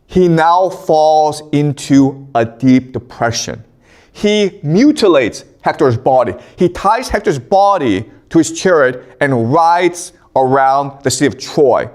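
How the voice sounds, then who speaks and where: A man giving a casual storytelling history lecture, animated, often checking in with "okay?". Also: a little high, slow pace.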